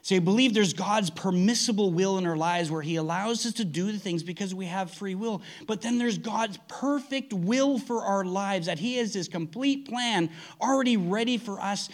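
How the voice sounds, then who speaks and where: A man preaching a conversational sermon, earnest, often restarting his sentences. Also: high-pitched. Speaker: pastor.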